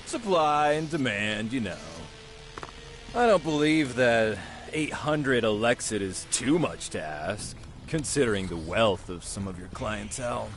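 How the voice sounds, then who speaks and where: An actor playing a smug, condescending extortionist who threatens a shopkeeper in a video game, speaking in a slow, deliberate, patronizing way. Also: male voice, medium pitch, expressive, soft background music. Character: menacing adult male extortionist, smug and condescending. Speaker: protection-racket villain.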